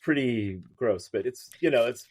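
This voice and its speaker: A man's voice: medium pitch, lively intonation, moderate pace, darkish tone, breathy edge. A man, a writer guest on a podcast, telling a story in casual chat, rambling with fillers and restarts.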